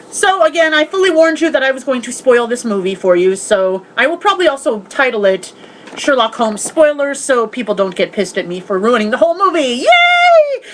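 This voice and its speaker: Woman, high voice, casual home vlog, chatty, cursing, acts out quotes, faint background noise. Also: very animated, normal speed, rough recording. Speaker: vlogger. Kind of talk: casual movie recap vlog.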